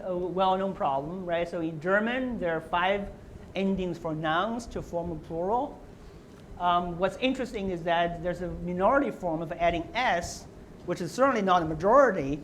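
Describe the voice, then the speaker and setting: A man with a high voice delivers a university lecture, explaining things step by step, often asking "right?" and restarting his words. The audio is poor, with slight background noise.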